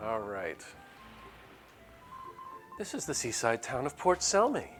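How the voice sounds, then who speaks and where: A man's voice: mid-range voice, very animated, takes it slowly. A man live-streaming a game, chatting casually and playing a mock-exasperated father scolding his chat. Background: faint game music.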